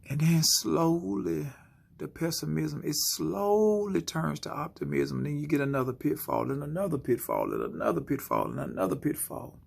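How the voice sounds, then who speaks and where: A man giving a spoken-word motivational sermon, slow and dramatic, often dropping into hushed whispers. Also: a little high, animated, gravelly, husky. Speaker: motivational speaker.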